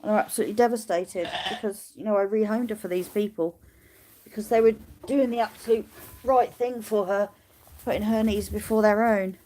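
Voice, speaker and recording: A woman's voice: medium pitch, fairly even intonation, a little fast, mellow, slight background noise. A woman chatting casually to viewers of her livestream from a farm, rambling with restarts, filmed on a phone on a tripod. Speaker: smallholder livestreaming her animals. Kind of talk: casual live chat with viewers.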